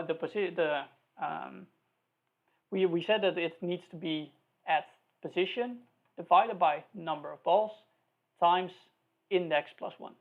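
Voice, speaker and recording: A programming instructor talking through live code, thinking aloud, spelling out each line, and correcting slips along the way. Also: mid-range voice. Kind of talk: live-coding tutorial. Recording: tinny phone-like recording.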